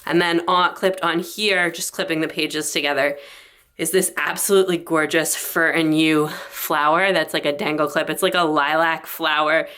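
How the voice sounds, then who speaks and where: A woman's voice: low-pitched, steady tone, normal speed, pushed and bright, smooth. A young adult woman chatting through her planner in a bubbly, rambling way, slightly out of breath. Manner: bubbly, rambling, lots of fillers. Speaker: planner vlogger.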